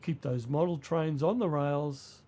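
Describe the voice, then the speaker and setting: An older man hosting a hobby vlog, hoarse and creaky from the flu. He rambles along casually with plenty of ums, his voice sitting a touch high for a man. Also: a little slow, warm tone. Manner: chatty, rambling with fillers. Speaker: model railway channel host.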